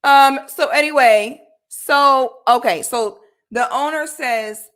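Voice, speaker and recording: Woman streaming a storytime, bright and kinda high voice, slangy and animated. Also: slow. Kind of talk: casual storytime on a livestream.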